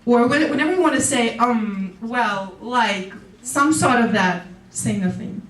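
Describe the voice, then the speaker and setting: Brief: woman, keynote speaker, upbeat and laughing, fairly high voice, picked up from a distance. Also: a little slow. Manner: lively, laughs often, acts out quoted people. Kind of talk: motivational public speech. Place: conference hall. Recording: echoey hall, voice from far off.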